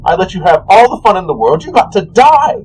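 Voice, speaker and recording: Trickster god, male, flippant and self-important, voiced by a man, animated delivery. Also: medium pitch, brisk, slight background noise, rough recording. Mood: aggrieved. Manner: chatty, offhand, self-important.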